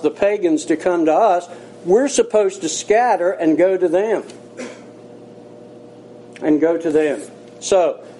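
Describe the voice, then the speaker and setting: A man preaching a sermon as pastor, earnest and folksy, slowing down to stress key points. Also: high-pitched, warm tone, a little hiss or hum, poor audio. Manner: earnest, folksy, slows for emphasis.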